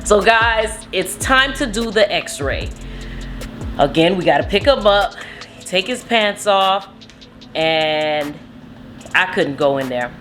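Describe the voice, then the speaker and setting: A young woman recounts a family story with a lower-pitched voice. She talks casually and animatedly, slipping into the voices of the people she quotes. Soft music plays underneath. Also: takes it slowly, pauses often. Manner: animated retelling, acts out quotes. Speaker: vlogger, mother.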